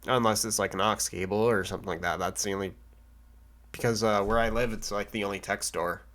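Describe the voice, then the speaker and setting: A man's voice: fairly low pitch, fairly even intonation, a little fast, fairly bright tone. A young man ranting casually on a vlog, rambling and stammering with many restarts and fillers, swearing now and then. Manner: mock voices for quoted people. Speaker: vlogger. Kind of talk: casual rant to camera.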